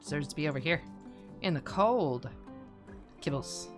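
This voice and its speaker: A woman's voice: sits low, lively intonation, normal speed. A woman streaming a colony game live, chatting casually, thinking aloud and repeating herself, over faint music.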